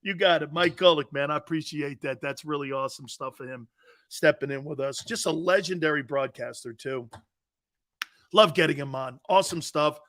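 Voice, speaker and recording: A middle-aged man hosts a sports talk radio show in a brash, mocking way, firing back at listeners. His voice sits high and bright, with lively, sweeping pitch. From United States.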